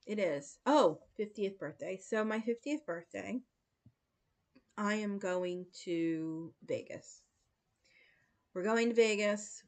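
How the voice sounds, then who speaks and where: A woman in her late forties, chatting casually with her viewers as host of a livestream and telling stories with frequent laughs and fillers. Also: medium pitch. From United States. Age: 40s. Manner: chatty storytelling, laughs often, many fillers.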